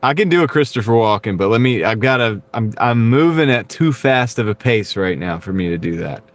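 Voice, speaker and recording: A man's voice: mid-range voice, animated, a little fast. A Texan man chatting casually on a livestream from his car, laughing often and reading out viewer comments. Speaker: livestreaming delivery driver. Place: car, while driving. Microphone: wireless clip-on mic.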